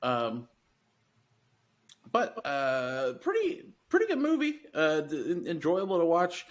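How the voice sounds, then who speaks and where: A man's voice: on the high side, huge pitch swings, takes it slowly. Hesitant Southern man hosting a podcast. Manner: hesitant, many fillers and restarts. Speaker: podcast host. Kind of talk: casual chat.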